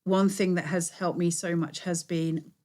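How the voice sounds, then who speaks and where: A woman's voice: fairly low pitch, little pitch movement, unhurried, a little mellow. A woman with a northern English accent, a guest crafter explaining and demonstrating a technique step by step in a chatty, hands-on way on a live stream.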